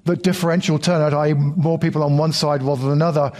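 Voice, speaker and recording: A man giving expert analysis on polls, measured and explanatory. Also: on the high side, little pitch movement, a little mellow. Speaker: polling expert.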